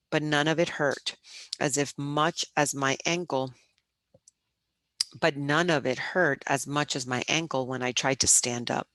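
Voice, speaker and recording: A woman teacher reading a children's novel aloud, expressive and stumbling over words now and then. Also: a bass voice, no room sound. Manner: expressive, with frequent restarts. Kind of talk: storybook read-aloud.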